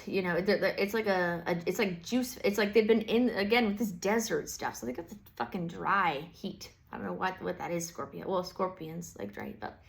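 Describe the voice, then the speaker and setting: A woman tarot reader talking in a loose, rambling way, full of "like" and restarts. She swears freely and keeps slipping into quick, playful voices for the people she describes. Her pitch sits in an ordinary middle range for a woman. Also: creaky. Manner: rambling, profane, lots of fillers and playful quoted voices. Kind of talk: casual tarot reading monologue.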